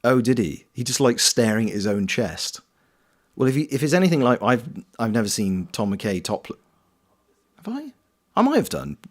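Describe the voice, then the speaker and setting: A man's voice: mid-range voice, big pitch swings, normal speed, long pauses. A man with a South Coast English accent, casually chatting with viewers and answering their messages during a gameplay stream. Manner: playful, reads and answers chat. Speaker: streamer and voice actor.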